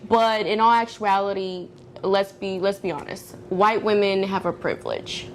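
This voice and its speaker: A woman in her thirties co-hosting a casual podcast, talking in an animated way and acting out the voices of people she quotes. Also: mid-range voice, moderate pace, slight background noise. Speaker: podcast co-host. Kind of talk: casual chat.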